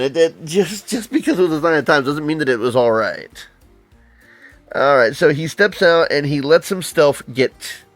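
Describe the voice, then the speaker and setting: A man with a slightly high voice chatting wryly through an old comic book review. He reads panels aloud and then picks them apart. The close, dry recording has faint music underneath. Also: no room sound.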